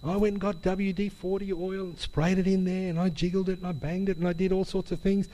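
A man's voice: high-pitched, level tone, fairly quick, dark tone. A man preaching a sermon. He tells a personal story in a chatty way, with "you know" and "hey?" tags, before he draws the lesson. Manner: chatty storytelling with tag questions. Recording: long hall reverb.

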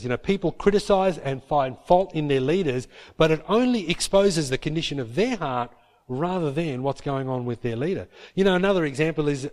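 A man preaching a sermon, retelling Bible stories with lively acted-out quotes. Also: a little high. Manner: lively storytelling, acts out biblical characters in quotes. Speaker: pastor.

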